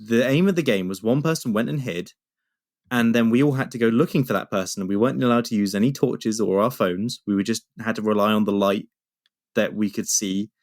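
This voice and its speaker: A man's voice: fairly low pitch, brisk, a little mellow, dry recording, clean studio sound. A young man co-hosting a podcast, telling stories in a rambling way with many restarts. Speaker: podcast co-host. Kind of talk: casual chat.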